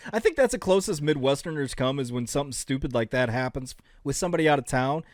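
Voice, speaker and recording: Lively, animated man riffing crudely. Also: medium pitch, fast, no room sound, clean studio sound. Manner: crude, lively, rambling jokes. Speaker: podcast co-host. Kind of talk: casual comedic banter.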